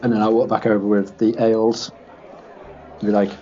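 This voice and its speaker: An excitable man playing a tabletop game, acting out his character's lines in casual chat. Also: on the low side, brisk. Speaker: player. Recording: muffled lo-fi mic, faint background hiss.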